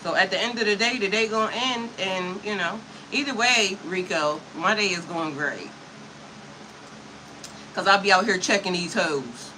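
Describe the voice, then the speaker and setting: Sassy, bright-voiced woman in her fifties. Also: mid-range voice, a little slow, slight background noise, rough recording. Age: 50s. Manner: sassy, profane, laughing often, addressing chat directly. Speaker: spiritual coach livestreaming to chat. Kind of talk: casual livestream chat.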